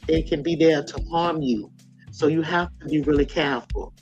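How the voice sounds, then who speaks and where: A woman's voice: low voice, steady tone, normal speed, darkish tone. Woman in her sixties, live-stream host, folksy and blunt, dull lo-fi sound, faint music behind. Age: 60s. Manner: folksy, frank, laughs often. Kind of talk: casual live chat.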